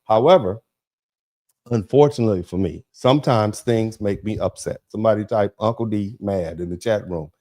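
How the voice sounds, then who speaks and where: Middle-aged male stream host, low mellow voice, emphatic and repetitive, sarcastic. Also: normal speed. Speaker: host of a commentary broadcast. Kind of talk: livestream commentary.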